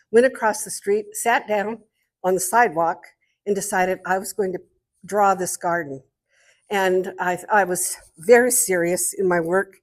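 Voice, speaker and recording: An older woman and guest artist speaking to an art club, telling lively stories and showing objects as she talks. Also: medium pitch. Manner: lively storyteller, showing objects while talking. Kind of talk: storytelling talk to an art club.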